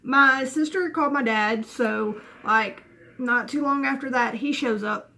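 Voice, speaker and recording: A woman's voice: on the high side, measured pace, pushed and bright. A woman, telling a personal story to camera in a rambling, chatty way full of restarts and asides. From Southern United States. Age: 20s. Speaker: vlogger.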